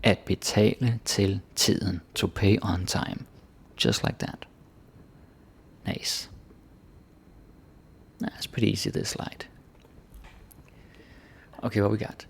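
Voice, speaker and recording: A man from Denmark, giving a casual language lesson and slowing down to read example phrases aloud. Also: lowish voice, creaky, slightly rough. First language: Danish. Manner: relaxed explaining, slows down to read phrases. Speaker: language teacher.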